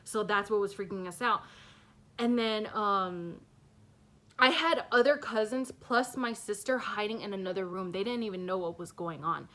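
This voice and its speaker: A woman's voice: medium pitch, normal speed, fairly bright tone. Rambling young woman telling a story. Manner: rambling, filler-heavy, nervous laughs. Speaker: vlogger. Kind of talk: casual storytime.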